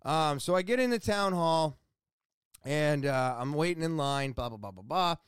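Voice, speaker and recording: A young man rambles through a casual, swear-heavy rant, his voice sitting a little high for a man. The tone is smooth and clean, and the recording is close and dry. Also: lively intonation, moderate pace, dry recording. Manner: profane, ranting storytelling. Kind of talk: casual monologue.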